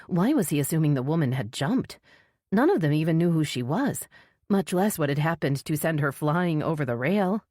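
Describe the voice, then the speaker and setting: A woman narrates a thriller audiobook in a low, grounded voice, recorded dry and close with no room sound. She lifts her pitch to voice the other characters. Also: lively intonation, normal speed, warm tone, dry recording.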